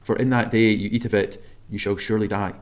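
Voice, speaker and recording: A man with a Scottish accent preaching a sermon, measured and emphatic, slowing down to stress key words. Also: lowish voice, level tone.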